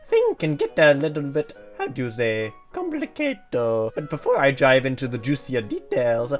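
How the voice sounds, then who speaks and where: A man voicing a cheerful Mario with an exaggerated fake Italian accent, reading a comedic script in a high, rambling, cartoonish voice. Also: big pitch swings, normal speed, faint music behind, natural voice.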